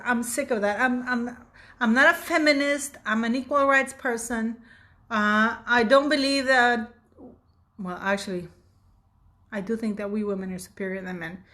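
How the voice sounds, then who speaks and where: Woman host, 50s, slightly high voice, blunt and fired-up opinion vlogging. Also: sharp tone. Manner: emphatic, blunt, indignant. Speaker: channel host. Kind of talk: opinionated commentary vlog.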